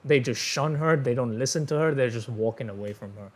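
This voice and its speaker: A man hosting a podcast, telling a story in casual, animated chat, swearing freely. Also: mid-range voice, brisk. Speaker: podcast host.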